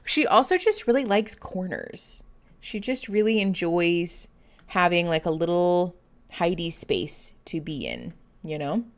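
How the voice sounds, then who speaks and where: A woman therapist hosts a relaxed live stream, chatting and laughing a lot as she reads through viewer comments. Her voice is fairly low and animated, and she speaks a little slowly.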